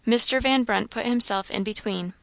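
A woman reading a novel aloud in a steady, measured narration. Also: on the high side, vocal fry, no room sound. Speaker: audiobook reader.

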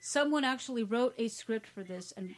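A woman's voice: on the high side, normal speed. A woman co-hosting a casual talk show, reading online comments aloud in a mocking, sarcastic way and laughing often. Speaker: co-host.

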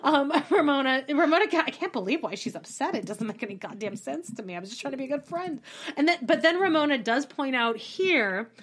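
A woman co-hosting a podcast in casual chat, animated and laughing often, acting out quotes in exaggerated voices and swearing freely. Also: high-pitched, a little fast. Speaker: podcast co-host.

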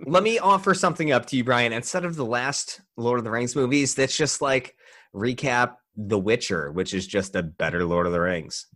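A man's voice: medium pitch, animated, normal speed, a bit bright. A young man hosting a casual podcast, joking, laughing and swearing with friends. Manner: laughing, joking, profane banter. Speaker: podcast host.

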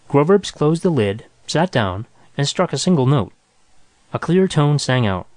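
A man reads a short story aloud in a steady, measured voice. The sound is close and dry, with no room around it. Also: mid-range voice, no echo. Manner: even, measured reading. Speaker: narrator. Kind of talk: scripted story narration.

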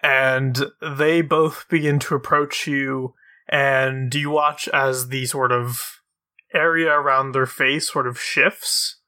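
A man narrating a tabletop game as game master, describing the scene slowly with hesitant fillers. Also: medium pitch, steady tone, pushed and bright.

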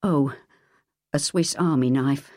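A man's voice: medium pitch, slow, darkish tone, no echo, clean studio sound, lightly acted. A woman reading an audiobook, voicing a nervous, downtrodden older man who speaks small and hesitant. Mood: anxious. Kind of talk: audiobook character voice.

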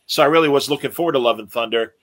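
Bright-voiced man chatting casually. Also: medium pitch, racing, dry recording. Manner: chatty, reads out listener comments. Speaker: podcast co-host. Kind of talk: casual chat about movies and TV.

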